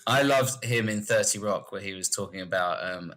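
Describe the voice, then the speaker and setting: A man's voice: on the low side, moderate pace, a bit bright. A man co-hosting a comedy podcast, chatting casually with dry one-line quips and frequent laughter. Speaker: podcast co-host.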